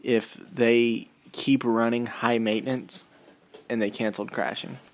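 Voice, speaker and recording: A man's voice: mid-range voice, flat delivery, unhurried. A young adult man co-hosting a podcast, rambling casually with swearing and trailing fillers. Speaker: podcast co-host. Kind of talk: casual chat.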